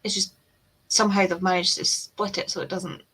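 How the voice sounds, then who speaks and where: A woman's voice: on the low side, level tone, fairly quick, fairly bright tone, husky. A woman chatting with friends, explaining things in a rambling, chatty way. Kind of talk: casual chat among friends.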